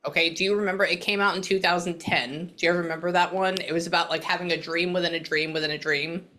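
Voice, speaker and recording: A woman's voice: fairly low pitch, steady tone, fast talker, pushed and bright. A woman working as a psychic medium, talking a client through a reading in a chatty, rambling way over a video call. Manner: chatty, rambling, swears casually.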